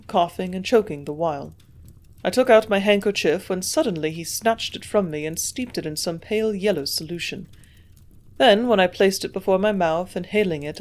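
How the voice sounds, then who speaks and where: A woman narrating an audiobook in a steady, measured reading voice. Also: lowish voice.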